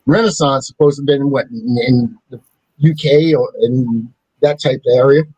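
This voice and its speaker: A man's voice: mid-range voice, moderate pace, mellow, husky, no room sound, poor audio. A man co-hosting a casual chat, joking and slipping into mock accents. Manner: joking, drops into put-on accents.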